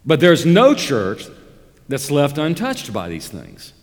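A man preaching a sermon as a pastor, speaking deliberately and emphatically and repeating key phrases for weight. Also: on the high side, huge pitch swings, long reverb tail.

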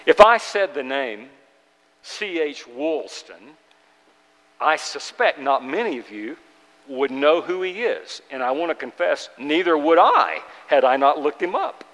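Pastor, male, slightly high-pitched, preaches earnestly with loud-soft swings, long church-hall reverb. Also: very animated, unhurried. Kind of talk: sermon. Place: church sanctuary.

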